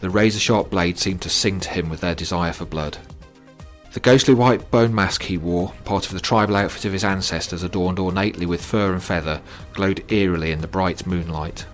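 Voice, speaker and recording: A man reading a horror audiobook in a dramatic, measured way. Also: low-pitched. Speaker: narrator. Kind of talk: scripted horror story narration. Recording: narration with loud music bed.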